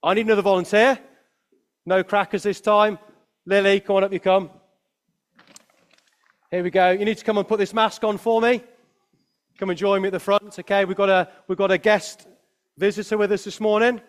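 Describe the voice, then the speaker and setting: A man giving a lively children's talk at a Christmas service, asking the children questions as he preaches. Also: sits high, normal speed, long pauses.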